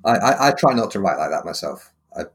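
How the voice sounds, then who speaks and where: A man hosting a podcast interview, thoughtful and anecdotal, telling stories with frequent pauses and fillers. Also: low voice, very animated, slight background noise. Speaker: podcast host. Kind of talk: casual interview chat.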